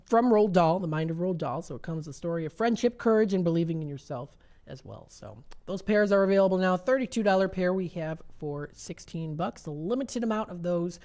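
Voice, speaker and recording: A Midwestern woman hosts a local radio shopping show, talking into a studio mic. Her voice sits a little low for a woman. She rambles through lists with plenty of "uh"s and easy asides. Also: a little mellow. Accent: Midwestern American. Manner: reads menu items aloud with frequent fillers. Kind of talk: casual radio sales chat.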